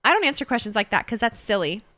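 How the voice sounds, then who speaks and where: A woman's voice: fairly high pitch, big pitch swings, fast talker, pushed and bright, no echo. A young woman streaming from home, chatting casually with her viewers, reading their messages aloud, laughing often and swearing freely. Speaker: livestreamer reacting to wrestling. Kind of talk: casual live-stream chat.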